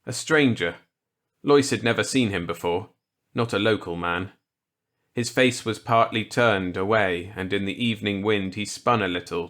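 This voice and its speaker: Low slow guy reading a grim story, measured and steady. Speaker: audiobook narrator. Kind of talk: scripted narration.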